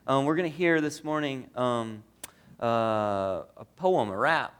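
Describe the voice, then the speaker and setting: A man preaching a sermon as pastor, earnest, moving between strong emphasis and hushed tender passages. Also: medium pitch, takes it slowly, smooth. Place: church.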